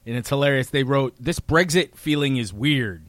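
Relaxed man reading news on a podcast. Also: mid-range voice, moderate pace, no room sound. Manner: relaxed, reads news aloud. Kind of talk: casual political chat.

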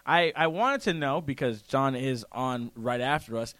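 A man's voice: medium pitch, a bit bright, no room sound. A man co-hosting a radio show in casual, rambling chat, laughing easily. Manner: rambling, chatty, quick laughs.

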